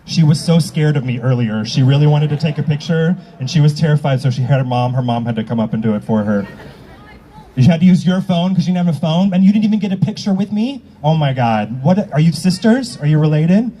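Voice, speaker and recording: Brash, profane drag host with a mellow voice. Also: male voice, a little high, fairly quick, a little hiss or hum, rough recording. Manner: brash, profane, teasing banter with the audience. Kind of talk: live stage hosting at an outdoor rally. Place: outdoor public square at a rally. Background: faint crowd.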